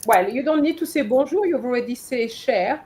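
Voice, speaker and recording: A woman's voice: high voice, lively intonation, fairly quick, a little mellow, a little hiss or hum, rough recording. A woman teaching French in a live online class, patiently going through her students' letters and correcting them one by one over a video call.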